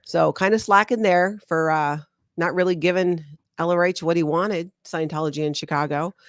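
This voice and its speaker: Woman co-host, casual chat, animated, laughs a lot, dry close sound. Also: lowish voice, moderate pace, no room sound. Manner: animated, self-deprecating, laughs often. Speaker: co-host, former member discussing the church. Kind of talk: casual chat, reading out reviews.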